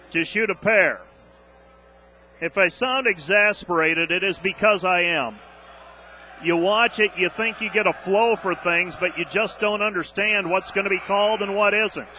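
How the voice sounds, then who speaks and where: A man calling a college basketball game on radio, rattling off play-by-play and getting loud on big plays, openly exasperated with the officiating. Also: high-pitched, slight background noise.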